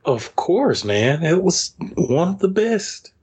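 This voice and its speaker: A man co-hosting a fan podcast, relaxed and enthusiastic in casual chat. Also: a little high, slow, breathy edge. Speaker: podcast co-host.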